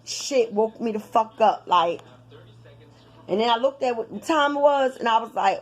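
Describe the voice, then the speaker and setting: A woman's voice: on the high side, moderate pace. Chatty, profane woman telling a storytime. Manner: animated, profane, addresses viewers directly with lots of repetition. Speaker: vlogger telling a personal story. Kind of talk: casual storytime monologue to viewers.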